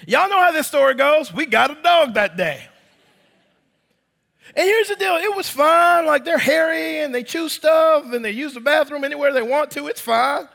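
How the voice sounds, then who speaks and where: A man's voice: extremely high pitch, expressive, moderate pace, creaky, pushed and bright, big-room sound. A man in his thirties preaching a sermon in church, telling a story animatedly and addressing the congregation as y'all. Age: 30s. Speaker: pastor.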